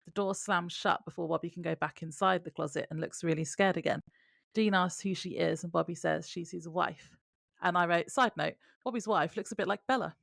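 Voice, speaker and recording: Woman co-host, gravelly lowish voice, casual recap read from notes. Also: brisk, fairly bright tone, no room sound, clean studio sound. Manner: reads plot notes aloud in a conversational way. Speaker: podcast co-host.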